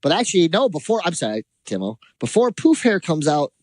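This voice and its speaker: A man co-hosts a casual podcast, retelling movie scenes in a loose, jokey way. His voice sits a bit high and swings widely. The recording is dry and close. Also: brisk, no echo. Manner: animated storytelling, jokey. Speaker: podcast co-host. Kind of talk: casual chat.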